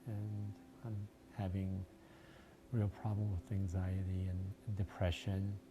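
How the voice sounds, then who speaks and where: Brief: man, lowish flat voice, halting, noisy video clip recording. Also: music in the background. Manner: halting, subdued recollection.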